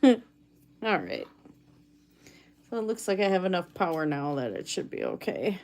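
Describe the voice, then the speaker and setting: A woman's voice: lowish voice, very animated, moderate pace, a little mellow. A woman live streaming from her cabin, chatting casually and reading viewer comments aloud while she makes chainmaille jewelry. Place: home cabin.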